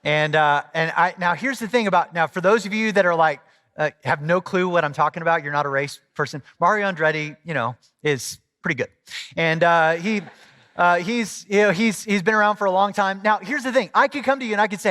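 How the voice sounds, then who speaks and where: A man's voice: high voice, a little fast, sharp tone. A middle-aged man from Southwest Missouri, a pastor preaching a sermon in a conversational, storytelling way with asides. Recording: long hall reverb.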